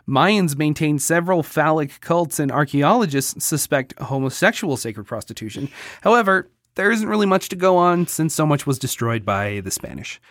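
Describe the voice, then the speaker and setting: A podcast host talks through history notes in a loose, joking way, tripping over hard names and laughing at the material. The voice sits at an ordinary middle pitch. It is recorded close and dry, with no room sound. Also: lively intonation, normal speed, a bit bright, no room sound. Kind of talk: casual chat, reading history notes.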